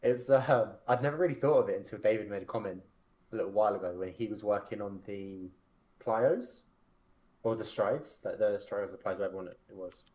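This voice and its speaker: A man's voice: fairly low pitch, fairly quick, darkish tone, rough recording. A 26-year-old man with a Milton Keynes accent, chatting casually on a game dev stream and telling loose, filler-heavy stories. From England. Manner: rambling, filler-heavy storytelling with light laughter. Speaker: game developer stream co-host.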